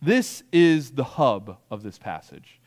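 A man preaching a sermon, animated, acting out quoted complaints and asking the congregation "right?" as he goes. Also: medium pitch, takes it slowly, long reverb tail. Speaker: pastor.

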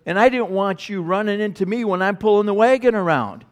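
A man's voice: high-pitched, lively intonation, brisk, voice pushed up. A man voicing a stubborn, defiant little girl in a story within a sermon. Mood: petulant. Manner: petulant, stammering.

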